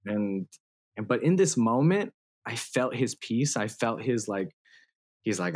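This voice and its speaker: A man's voice: fairly low pitch, animated, unhurried, a little mellow. A man in his thirties telling his story as a guest in a casual interview, laughing often and using slang and fillers. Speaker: guest musician.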